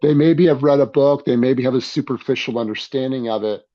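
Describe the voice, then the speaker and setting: A man's voice: mid-range voice, fairly quick, warm tone, no room sound, highs cut off. A man who coaches defense speaks as a podcast guest. He lectures emphatically and repeats points to drive them home. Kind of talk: casual podcast conversation.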